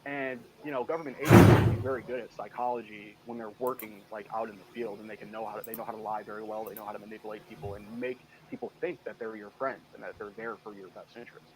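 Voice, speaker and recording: A man's voice: lowish voice, steady tone, quick pace, hardly any pauses, noisy background. A man telling stories in a casual interview, rambling with many "you know" fillers and acting out what others said, from Michigan. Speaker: guest.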